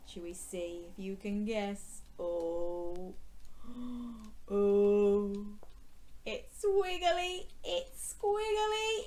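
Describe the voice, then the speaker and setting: A woman with a mid-range voice teaches young children a phonics lesson, animated and sing-song. She gasps in exaggerated surprise and draws out the letter sounds.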